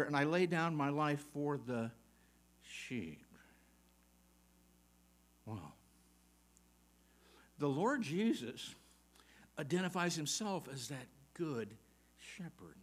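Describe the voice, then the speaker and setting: A male preacher delivering a sermon, his voice sitting a little high and swinging widely in pitch as he moves between reading scripture and questioning the congregation. He presses his points with repeated emphatic questions and chuckles here and there. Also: big pitch swings, fairly bright tone. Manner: emphatic, asks the congregation rapid questions, reads scripture aloud.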